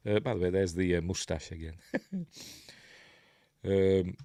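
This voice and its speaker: A man's voice: sits low, a little slow, long pauses, dark tone, dry recording, studio quality. A middle-aged man with a Yorkshire accent hosting a casual film breakdown, rambling through the plot with chuckling asides and chatting to viewers. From Yorkshire, England. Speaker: host of a film review show.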